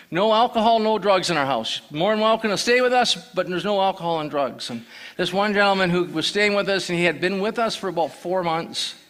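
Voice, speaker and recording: A man's voice: sits high, fairly bright tone. A man giving a church sermon as guest preacher, telling plain stories with restarts and repeated words. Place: church sanctuary.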